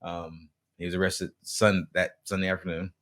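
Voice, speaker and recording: A man's voice: low voice, little pitch movement, moderate pace, fairly bright tone. A man co-hosting a podcast, earnestly laying out news and opinions in casual chat. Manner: earnest, explains news and gives opinions, frequent restarts. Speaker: podcast co-host.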